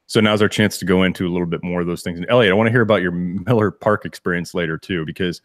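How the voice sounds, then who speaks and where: A man with a deep, low voice co-hosts a casual sports podcast. He rambles and restarts a lot, with laughing asides. The sound is dry and close in a home studio. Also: fairly even intonation, rapid-fire, no room sound. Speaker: podcast co-host.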